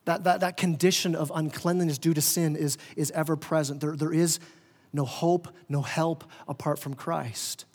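A male pastor preaches in a high, lifting voice, surging loud and then sinking quiet, repeating words as he builds. His voice carries a long reverb in a church hall. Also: steady tone, moderate pace. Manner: impassioned, rising and falling in volume, stammering restarts. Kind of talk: sermon. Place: church sanctuary.

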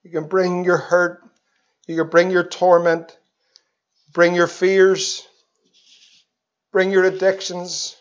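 A man preaching an evangelistic sermon, swinging between loud pleas and hushed tones. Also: sits high, level tone, slow, long pauses. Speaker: pastor. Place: church. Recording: dull lo-fi sermon recording.

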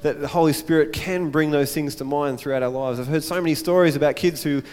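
Male pastor, earnest sermon delivery, rhetorical repetition, slightly high voice, echoing church. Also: fairly even intonation, quick pace, a little mellow, smooth. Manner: earnest, repeats phrases and asks rhetorical questions.

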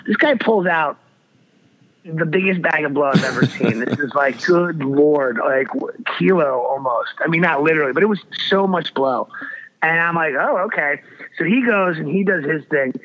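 A man's voice: on the high side, normal speed, a bit bright. A man telling a wild story in casual chat, rambling and swearing with lots of restarts. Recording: dull lo-fi audio.

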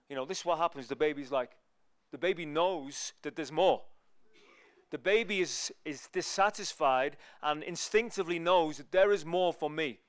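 A man preaches as a guest speaker, his voice a little high and smooth. He tells his stories with lots of energy and acts out the people in them. The sound is dry and close. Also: brisk, no room sound. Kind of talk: storytelling sermon.

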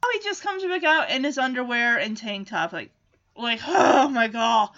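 A woman casually recapping a cartoon episode, sarcastic and animated, slipping into quick voices for the characters. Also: fairly high pitch, dull audio. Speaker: cartoon reviewer.

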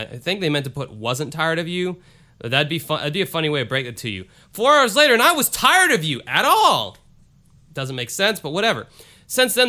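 A man's voice: mid-range voice, pushed and bright, clean tone. A male podcast host reading listener emails aloud in a loose, casual way, swearing and breaking off into asides. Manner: loose and profane, with restarts and asides.

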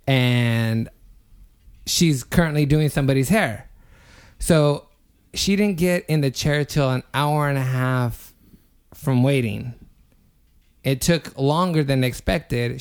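A man's voice: mid-range voice, a little slow, clean tone. A young man in his twenties, co-hosting a podcast, tells a story in casual chat with lots of swearing and building energy. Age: 20s. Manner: animated, profane, building a story step by step. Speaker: podcast co-host.

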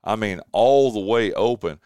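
A man hosting a radio talk show from home, rambling through stories with lots of fillers and restarts. His voice sits somewhat low, smooth and clear, recorded dry and close. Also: unhurried, dark tone, no room sound. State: recovering from bronchitis. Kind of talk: casual chat. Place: home studio.

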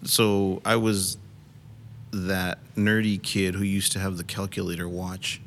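A man's voice: low voice, flat delivery, measured pace, very noisy. A man co-hosting a casual podcast chat, joking in a self-deprecating way.

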